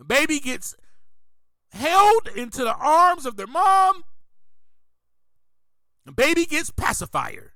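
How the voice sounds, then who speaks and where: A man's voice: very high voice, bright, forceful tone, no room sound. A man hosting a motivational recovery podcast, speaking emphatically and repeating his key phrases like a preacher. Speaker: podcast host.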